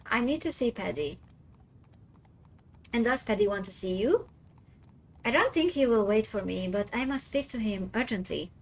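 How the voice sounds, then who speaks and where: A woman's voice: medium pitch, animated, normal speed, long pauses, slight background noise, natural voice. A woman voicing a polite, formal male university professor in a narrative game, speaking with courteous urgency. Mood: polite urgent.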